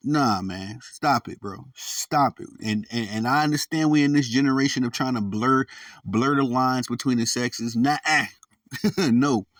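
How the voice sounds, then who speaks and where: A man hosting a podcast, ranting with slangy, animated commentary and stumbling repeats when heated. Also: mid-range voice, unhurried, no echo, far from the mic. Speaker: podcast host. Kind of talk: opinionated commentary rant.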